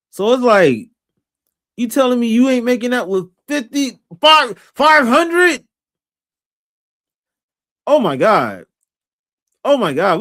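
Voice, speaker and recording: A man in his thirties hosting a live reaction stream, joking in slang and chatting with viewers. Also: high-pitched. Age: 30s. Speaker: livestream host. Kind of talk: casual live reaction commentary.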